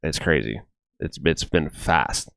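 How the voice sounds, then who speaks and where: A man's voice: extremely low pitch, slow pace, creaky, a bit bright, no room sound, studio quality. A man co-hosting a casual podcast as they watch fights, talking in a rambling way full of "like" and restarts. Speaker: podcast co-host.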